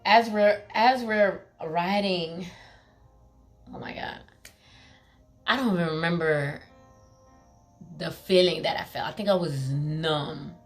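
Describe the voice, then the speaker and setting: Faint music plays behind this young woman as she slowly tells a personal story in a casual vlog, pausing at length. Her voice is fairly low; she's emphatic, leans heavily on "like" and fillers, and raises her voice to act out quoted pleas.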